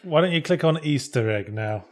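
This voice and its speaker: A man's voice: fairly high pitch, lively intonation, brisk. A man who made the game, giving casual commentary in a dry, wry, matter-of-fact way. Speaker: game developer doing commentary.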